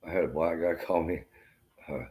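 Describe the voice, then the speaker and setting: A man's voice: a bass voice, normal speed, a little mellow. A man in pain giving a profane, rambling, bitter rant to the camera. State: in pain, feeling unwell.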